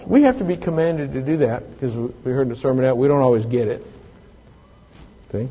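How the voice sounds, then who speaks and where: A man's voice: mid-range voice, expressive, fairly quick, pauses often, warm tone, slightly rough. A man in his late fifties preaching a sermon, mixing scripture reading with folksy, self-mocking stories. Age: 50s. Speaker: pastor. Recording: long hall reverb.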